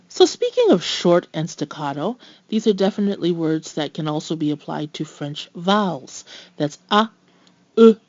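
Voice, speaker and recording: A woman teaching pronunciation, speaking clearly and slowing down to model each sound. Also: fairly low pitch, darkish tone, no echo, muffled recording. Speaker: French teacher. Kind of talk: scripted pronunciation lesson.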